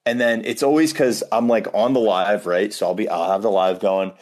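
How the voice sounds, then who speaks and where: A man's voice: fairly low pitch, fairly even intonation, normal speed, a little mellow. A man co-hosting a podcast, chatting casually over a video call in a playful, rambling way and laughing often. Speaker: podcast co-host. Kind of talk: casual chat.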